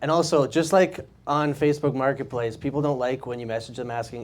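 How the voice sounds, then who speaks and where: A man's voice: medium pitch, fairly even intonation, brisk. A man, performing a casual stand-up set in a comedy club and laughing at his own jokes. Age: 20s. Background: audience laughter.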